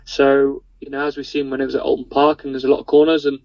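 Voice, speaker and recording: Flat-voiced racing driver. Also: male voice, mid-range voice, dry recording, dull audio. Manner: measured, hesitant with ums and you knows.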